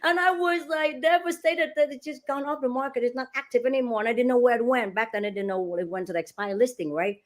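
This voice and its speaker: Lively woman telling her story. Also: on the high side, fast, hardly any pauses. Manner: animated, acts out dialogue, laughs while telling. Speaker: real estate agent, guest. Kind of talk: storytelling in a podcast interview.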